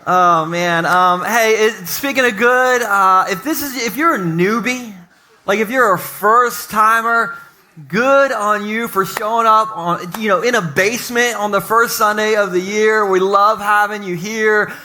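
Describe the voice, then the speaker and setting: A man preaching to his congregation in a lively, joking way, speaking in a church basement. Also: high-pitched, a little slow. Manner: energetic, joking, talks to the congregation. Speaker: pastor. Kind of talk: lively sermon opening.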